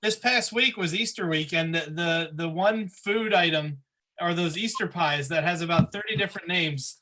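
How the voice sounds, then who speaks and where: A man with a high, bright voice chats casually on a panel, listing examples one after another. Faint noise runs under his voice. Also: moderate pace, low-quality recording. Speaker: panel guest.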